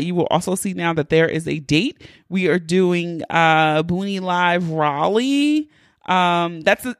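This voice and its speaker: A podcast host with a voice on the low side begins her solo show casually, speaking candidly and chattily while swearing plenty. The studio-quality recording has no room sound.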